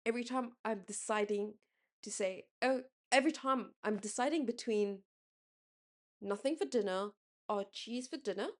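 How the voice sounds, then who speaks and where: A woman's voice: fairly high pitch, normal speed. A young woman from Singapore rambling in a casual late-night vlog, correcting herself often and laughing as she talks. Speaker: vlogger.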